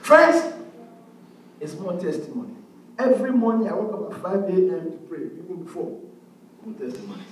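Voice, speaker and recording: High-voiced preacher man in an echoey hall. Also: sing-song, normal speed, long pauses. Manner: preaching with shouted call-and-response surges. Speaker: pastor. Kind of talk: sermon. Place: church hall. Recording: echoey hall, mic far off, faint noise.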